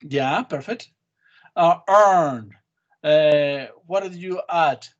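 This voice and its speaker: A man's voice: on the high side, very slow, muffled recording. A man teaching an English class, quizzing students on spelling with short, patient prompts. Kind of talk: online class drilling spelling.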